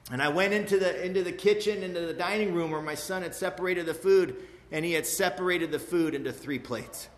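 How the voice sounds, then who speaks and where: A man in his forties with a high voice speaks briskly as he shares his emotional, meandering testimony at a recovery meeting. He keeps asking the audience "you know what I mean," and the recording has the echo and faint noise of a hall.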